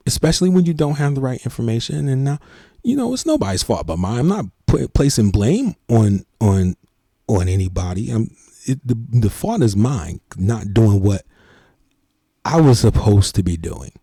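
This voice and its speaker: A middle-aged church organist talking earnestly and emotionally to the camera, in a heartfelt, preachy way. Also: male voice, medium pitch, very animated, normal speed, creaky, mellow, slightly rough, no echo, studio quality. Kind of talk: heartfelt casual talk to camera.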